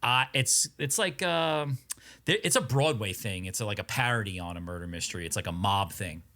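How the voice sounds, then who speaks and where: A man's voice: on the low side, animated, brisk, bright, forceful tone. A man in his thirties with a Long Island New York accent, telling a long story in casual podcast chat, profane and rambling. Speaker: podcast co-host.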